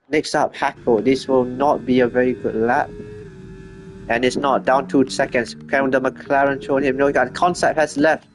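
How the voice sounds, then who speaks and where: Chatty man commentating a sim race. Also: medium pitch. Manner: quick, chatty, corrects himself often. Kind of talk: live sim racing commentary.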